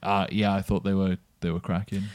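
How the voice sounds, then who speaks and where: A man with a fairly low voice chats about bands in a relaxed, wry way. His humour is dry, and he thinks aloud with fillers. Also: fairly quick, smooth. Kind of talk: casual chat.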